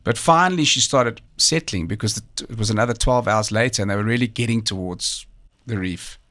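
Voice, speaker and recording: A man narrating a documentary story in a measured, conversational way, with occasional fillers and restarts. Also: on the low side, fairly bright tone. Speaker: storyteller recounting a true survival tale. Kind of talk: documentary narration, partly off the cuff.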